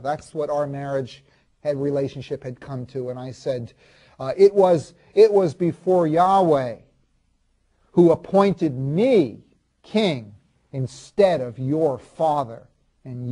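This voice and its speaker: A man playing a proud ancient king in a first-person monologue, confiding and halting, restarting and repeating his words. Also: medium pitch, darkish tone, close to an everyday voice. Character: proud ancient king recalling his marriage, self-justifying.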